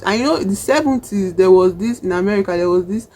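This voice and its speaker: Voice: medium pitch, a little fast, a little hiss or hum. Chatty Nigerian-accented film recapper. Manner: chatty and animated, acts out characters' lines. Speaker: film reviewer.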